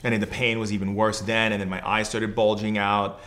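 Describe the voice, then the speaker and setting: A man's voice: lowish voice, little pitch movement, a little fast, fairly bright tone. A man, a podcast guest who works as a shaman, telling a personal story in casual conversation, loose and earnest, filled with "like" and "you know".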